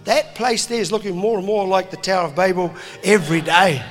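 New man, preaching, animated, high voice, long hall reverb. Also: a little fast, soft background music. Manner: animated, jokey, puts on voices. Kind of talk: impassioned sermon to a crowd.

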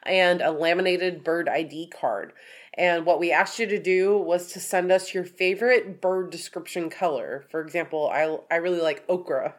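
A woman's voice: lowish voice, normal speed. A woman co-hosting a casual podcast, stuffed up from a sinus infection, chatty and upbeat. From US Pacific Northwest. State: congested, stuffed up. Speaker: podcast co-host. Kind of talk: casual chat.

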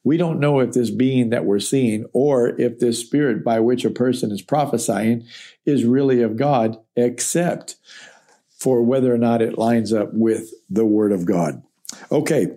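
A man's voice: medium pitch, measured pace, mellow. A man teaching through a Bible letter verse by verse, in a conversational, explanatory way. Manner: conversational, explanatory, checks in with okay.

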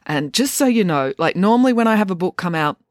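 A woman hosts her own children's story podcast, reading her book aloud in an expressive way. Her lowish voice rises and falls very freely. The recording is close and dry. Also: quick pace, no room sound. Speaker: children's author and podcast host.

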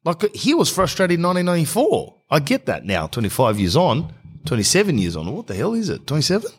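A man's voice: on the high side, wildly swooping pitch, brisk, husky. A man, telling rambling, sarcastic comic stories in a blunt way. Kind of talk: comic storytelling monologue.

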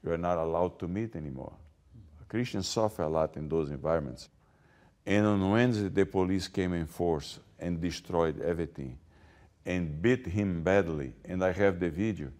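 Deep voiced guy talking, earnest, kinda halting. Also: darkish tone. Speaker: guest. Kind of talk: interview.

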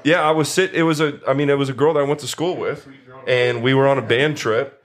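A man guest on a casual podcast, swearing a lot as he excitedly insists his story is true. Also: medium pitch, fairly quick. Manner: crude, excitable, heavy swearing.

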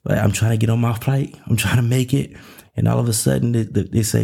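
A man's voice: medium pitch, fast, gravelly, mellow, husky. A man, talking casually about faith and family, rambling with many fillers.

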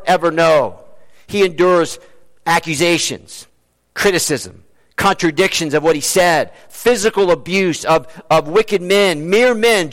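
A male pastor preaching a Sunday sermon, pressing repeated rhetorical questions and dropping to a hushed, low voice as he closes. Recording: reverberant hall.

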